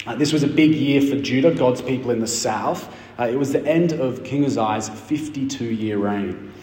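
A man's voice: medium pitch, darkish tone. Man preaching in a roomy hall. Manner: expository, emphatic with dramatic pauses. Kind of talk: sermon. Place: church hall. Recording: roomy church hall reverb.

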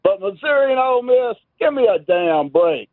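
Man on a phone line, very high voice, brash challenge rant. Brief: loud hype caller. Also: very animated, normal speed, no echo. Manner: brash, hypes a fight. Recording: dry tinny phone line.

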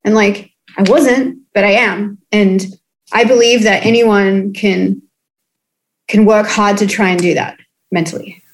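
A woman's voice: medium pitch, fairly even intonation, measured pace. A woman in her thirties from Australia, a musician guest on a video call, talking candidly and casually with many fillers and restarts. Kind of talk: candid interview chat.

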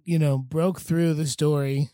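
Higher-voiced halting comedy host. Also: male voice, steady tone, dark tone, no room sound. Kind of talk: improvised comedy banter.

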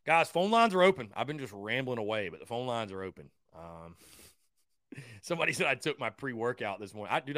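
A young man hosting a call-in sports talk show, high-energy and rambling, often stumbling over his words as he gets worked up. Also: sharp tone, no room sound, studio quality. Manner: stammering restarts. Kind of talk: call-in sports radio chat.

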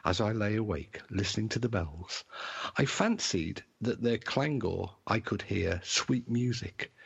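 A man's voice: fairly low pitch, creaky, breathy edge, muffled recording. A man co-hosting a show, reading an old ghost account aloud in a theatrical style. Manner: theatrical reading in a put-on posh tone. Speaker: podcast co-host. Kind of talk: casual chat and reading aloud.

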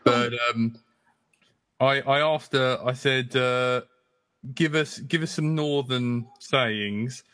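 A man talks slowly and loosely, rambling and poking fun at himself. His voice is bright and forward. The sound is dry and close, with no room around it. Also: mid-range voice, steady tone, no echo. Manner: rambling, self-mocking, laughs often. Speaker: podcast co-host and streamer. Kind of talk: casual chat among friends.

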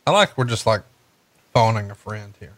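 A man's voice: fairly low pitch, animated, moderate pace, no echo. A man cohosting a podcast, chatting casually and teasing his partner with wisecracks. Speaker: podcast co-host. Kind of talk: casual chat.

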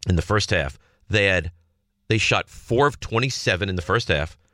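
A man hosting a sports radio show, chatting and joking in an animated storytelling way. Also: low-pitched, moderate pace, dry recording, studio quality. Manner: lively, jokey, animated storytelling.

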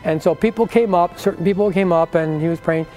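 A man's voice: high-pitched, brisk, darkish tone, soft background music. An older man giving an earnest personal faith testimony, acting out the voices of people in his story.

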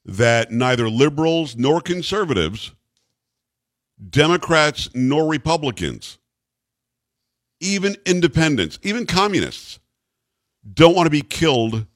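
Emphatic talk radio host man, dry and lively. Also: on the high side, unhurried, pauses often, no echo. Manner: emphatic, repeats rhetorical questions.

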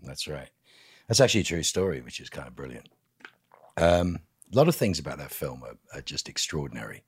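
A man's voice: rumbling low, sing-song, brisk, slightly rough, dry recording. A man being interviewed on a podcast in a studio, telling candid stories in a wry way. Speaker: guest actor. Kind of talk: casual interview chat.

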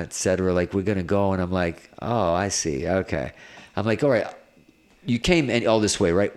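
A middle-aged man with a fairly low voice tells stories from the road in a loose, chatty interview. He rambles, doubles back, and piles on filler words as he goes. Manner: animated, rambling, filler-heavy with many "like"s. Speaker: guest guitarist. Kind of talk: casual interview storytelling.

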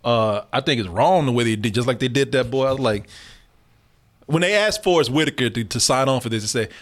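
A man's voice: mid-range voice, animated, brisk. A man hosting a casual movie reaction chat, talking animatedly with frequent laughter and swearing.

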